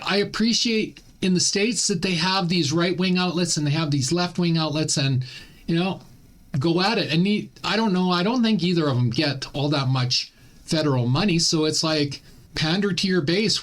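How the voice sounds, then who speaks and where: A man's voice: sits high, a bit bright. A Canadian man hosting a casual opinion commentary, blunt and ranting. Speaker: commentary channel host.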